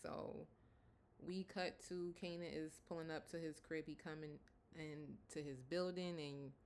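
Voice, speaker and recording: A woman's voice: sits low, steady tone, normal speed, darkish tone, smooth. A woman casually recapping a TV episode, chatty and often breaking into laughter. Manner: chatty, laughs often, lots of 'like' and 'you know'. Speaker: TV episode reviewer.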